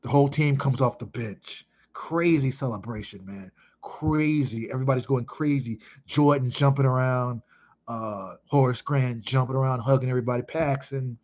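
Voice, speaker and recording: A man in his thirties from Chicago talks through an old memory, emphatic and full of swearing. His voice sits at a medium pitch. The recording sounds dull and lo-fi. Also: moderate pace. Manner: excitable, emphatic, heavy swearing. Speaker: vlogger. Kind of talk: casual reminiscing monologue.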